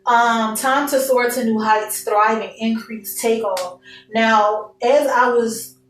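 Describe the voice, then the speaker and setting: A woman's voice: on the high side, steady tone, takes it slowly, echoey room, distant mic, faint music behind, low-quality recording. A young woman giving a casual tarot reading to her viewers, candid and emotional, full of slang and swearing. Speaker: tarot reader.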